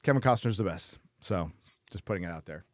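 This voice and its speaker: A man's voice: deep voice, animated, brisk, no room sound, clean studio sound. A man hosting a casual chat show, blunt and frequently swearing, laughing between remarks. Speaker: host.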